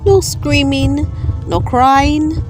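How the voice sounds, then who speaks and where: A woman reading a children's storybook aloud, narrating in a slow, expressive storytelling way over loud music. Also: high voice. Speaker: storybook reader.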